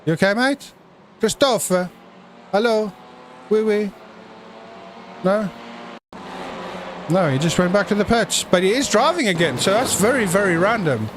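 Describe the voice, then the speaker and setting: Excitable high-voiced race commentator. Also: male voice, normal speed, long pauses, background noise. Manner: excitable, jokey, bursts into shouts at crashes. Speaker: sim racing commentator. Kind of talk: live stream race commentary.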